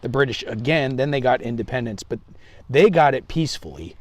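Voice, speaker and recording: A man's voice: mid-range voice, expressive, brisk, slight background noise. A man as an interview guest, telling travel stories loosely with hedges and restarts. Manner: loose storytelling, hedging, many restarts. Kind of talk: casual chat.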